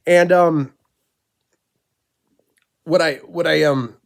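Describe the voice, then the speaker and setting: A man's voice: a little high, steady tone, extremely slow, gravelly. A man with a nasal voice from a cold, giving blunt, rambling commentary with frequent swearing. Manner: blunt, profane, rambling with fillers. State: sick, nasal voice. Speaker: commentary channel host. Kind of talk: casual opinion commentary.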